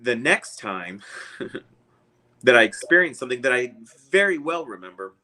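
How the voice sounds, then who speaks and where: A man's voice: mid-range voice, very animated, measured pace, sharp tone, rough recording. A man, a guest, telling a long personal story in a casual, rambling way and chuckling often.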